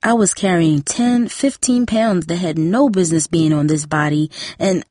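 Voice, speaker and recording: A woman voicing a weary middle-aged mother who speaks softly and apologetically. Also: fairly low pitch, moderate pace, no echo, studio quality, lightly acted. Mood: rueful. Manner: soft, apologetic. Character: tired middle-aged mother, soft and rueful.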